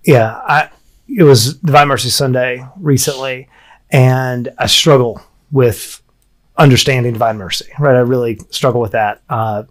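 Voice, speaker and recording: A man's voice: mid-range voice, normal speed. A man on a podcast panel, telling stories in a casual discussion and often laughing mid-sentence.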